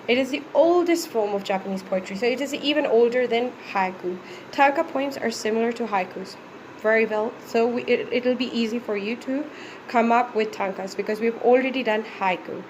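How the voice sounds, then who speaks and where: A woman teacher giving a patient classroom lesson, repeating words slowly as she counts syllables. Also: fairly high pitch, slight background noise.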